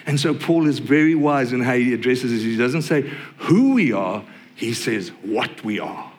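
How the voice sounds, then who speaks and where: A man's voice: medium pitch, expressive, moderate pace. A middle-aged man preaching a sermon, conversational and joking, with playful asides to the congregation. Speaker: pastor.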